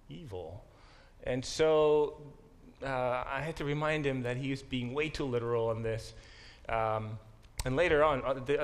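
A man teaching a Bible class as a professor, thinking aloud with restarts and slowing down to sound out Hebrew words. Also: medium pitch. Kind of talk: classroom lecture.

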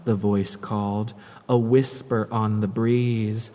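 A woman's voice: a bass voice, level tone, takes it slowly, dark tone. A woman reading a rhyming spooky story with a dramatic, sing-song delivery. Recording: long hall-like reverb.

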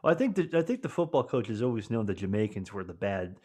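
An animated man with a lively, swinging pitch, joking his way through a movie commentary. He laughs often and riffs loosely with his friends. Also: quick pace. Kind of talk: casual movie commentary chat.

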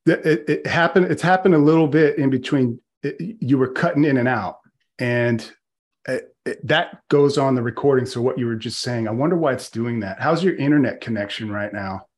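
A man hosting a podcast who cuts in with brisk, practical remarks and short affirmations. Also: medium pitch. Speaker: podcast host. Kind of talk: casual podcast conversation.

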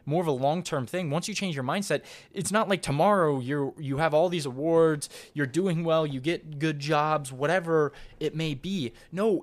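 A young man in his twenties hosting his own podcast, talking in a casual, earnest monologue that rambles and restarts. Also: on the high side. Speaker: podcast host.

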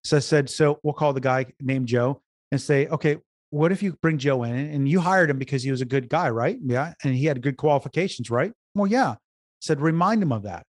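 A man with a mid-range voice speaks briskly, recorded at studio quality with no echo. He's a business consultant guesting on an interview podcast, telling earnest stories in conversation, with frequent repeated words and restarts.

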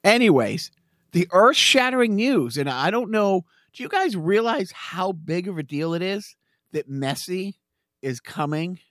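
A man's voice: high-pitched, animated, unhurried, fairly bright tone, no echo, studio quality. A man in his forties co-hosting a podcast in casual chat, rambling with frequent laughs and restarts. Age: 40s. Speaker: podcast co-host.

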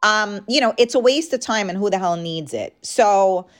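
A woman's voice: medium pitch, expressive, normal speed. A woman hosting a podcast, talking frankly and casually straight to her listeners, her voice a little worn. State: losing her voice. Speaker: podcast host. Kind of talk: casual chat.

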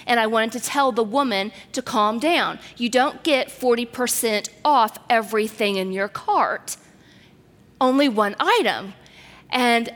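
A woman's voice: fairly high pitch, fairly bright tone, long reverb tail. A woman giving a sermon, telling a personal story in an earnest way and dropping to near-whispers at tender moments.

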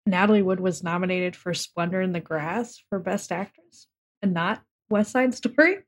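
A woman's voice: lowish voice, normal speed. A woman co-hosting a film podcast, chatting casually in a matter-of-fact, wry way. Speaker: podcast co-host.

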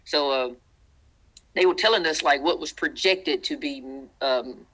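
A man with a thick Southern accent tells stories in a relaxed interview, his voice bright and forward. He is animated and slips into the voices of the people he quotes. He sounds like a man in his thirties. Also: fairly high pitch, a little slow, rough recording. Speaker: guest. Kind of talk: casual storytelling interview.

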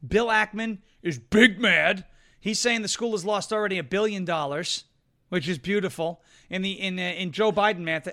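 A man's voice: high-pitched, moderate pace, pushed and bright. A man hosting a live political commentary stream, brash and mocking as he jumps from topic to topic. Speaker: show host.

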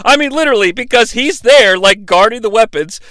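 A man hosting a comedic movie recap, talking in a profane, animated and sarcastic way. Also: very high-pitched, normal speed, no echo. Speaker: host.

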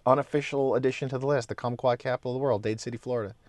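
A man from the American Midwest co-hosting a podcast in casual chat, rambling with halting restarts. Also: medium pitch, steady tone, darkish tone, no room sound. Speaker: podcast co-host. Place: Florida.

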